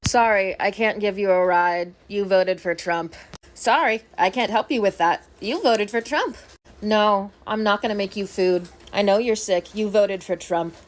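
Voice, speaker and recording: A woman's voice: mid-range voice, measured pace. A woman delivering a sarcastic monologue built on repeated retorts. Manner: sarcastic, repetitive refrains. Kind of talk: social video monologue.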